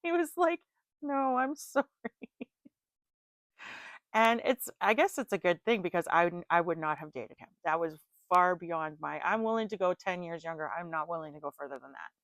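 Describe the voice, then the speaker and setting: A middle-aged woman with a lowish voice does a casual tarot reading and drifts into rambling stories. She talks in a chatty, animated way and laughs often. The sound is close and dry, with no room echo. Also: fairly quick, hardly any pauses. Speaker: tarot reader.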